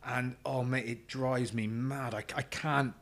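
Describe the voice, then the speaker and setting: A man's voice: medium pitch, fairly even intonation, unhurried. A man with a Herefordshire accent, a guest on a podcast, chatting casually and frankly with plenty of swearing and self-deprecation. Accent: Herefordshire English. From England.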